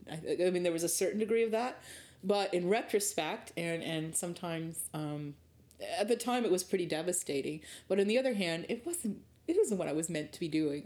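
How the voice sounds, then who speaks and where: Middle-aged woman from small-town ontario, low voice, thinks out loud and restarts a lot. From rural Ontario, Canada. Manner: candid, thoughtful, with frequent restarts. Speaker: guest. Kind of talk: reflective interview storytelling.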